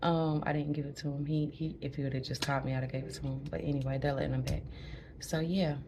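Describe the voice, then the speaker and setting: A woman with a low voice tells her birth story in a hospital room. She is chatty, laughs often and sometimes drops to a near whisper. Faint room noise hums behind her. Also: flat delivery, quick pace. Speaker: new mother recounting a birth. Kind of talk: casual storytelling to camera.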